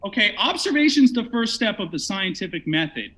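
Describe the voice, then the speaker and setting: A man's voice: sits high, sing-song, fairly quick, sharp tone. A man arguing heatedly in a debate, combative and mocking, often talking over his opponent.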